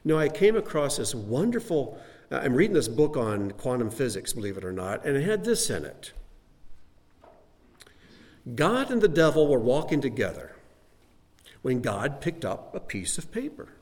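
A male Bible teacher talks through a lesson in a relaxed, folksy way, often stopping to address his listeners directly. His voice is mid-pitched and conversational. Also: normal speed, long pauses. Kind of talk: casual teaching sermon.

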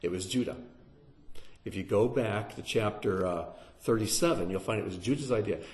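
A man teaching through a Bible passage in an animated, dramatic sermon style, sometimes acting out the characters. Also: lowish voice, normal speed. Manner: animated, dramatic, acts out voices.

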